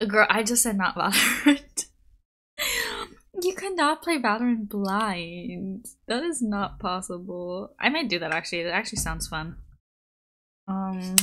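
This young woman talks casually as she streams a game, rambling with plenty of "like" and "um" as she goes. Her pitch sits in a plain middle range for a woman, and she speaks into a desk mic while on a call. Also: fairly bright tone. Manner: chatty, rambling, many likes and ums. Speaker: VTuber streamer. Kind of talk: casual live-stream chat.

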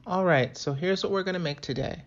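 A slightly raspy man giving a casual, playful craft tutorial. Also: high voice, a little fast, muffled recording. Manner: chatty and playful.

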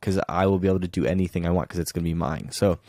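A man's voice: low-pitched, fairly even intonation, racing, darkish tone, no room sound, clean studio sound. A young man talking casually as a podcast guest from his childhood bedroom, laid-back and filling his speech with "like". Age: young adult.

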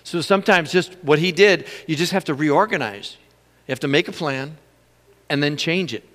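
Animated high-voiced preacher man in a hall. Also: moderate pace. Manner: animated, laughing storyteller. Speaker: pastor. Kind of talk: sermon.

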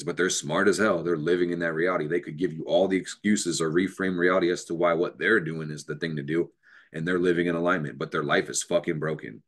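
A man hosting an astrology show, giving an unscripted motivational talk, emphatic and profane, with bursts of laughter. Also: sits low.

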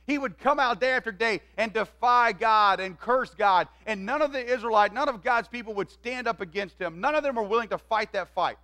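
Bright, high-voiced man preaching. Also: fairly quick, hardly any pauses. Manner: animated, acts out quoted voices. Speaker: pastor. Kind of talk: sermon storytelling. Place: church.

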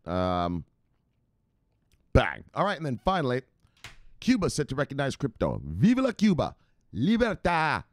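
A man's voice: medium pitch, no echo. A man hosting a crypto news show, rambling casually with profanity and hype outbursts.

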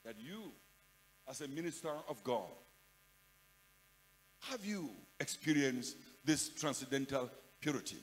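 An older man with a Nigerian accent preaching a sermon to a conference of pastors, emphatic, repeating phrases and swinging from loud to soft. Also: medium pitch, a little slow, long pauses, a little hiss or hum. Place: large conference hall. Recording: long hall reverb.

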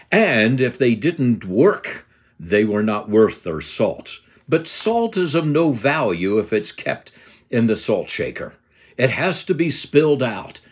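Older man, Bible lesson, emphatic preaching cadence, unhurried, husky tone. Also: mid-range voice. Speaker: Bible teacher.

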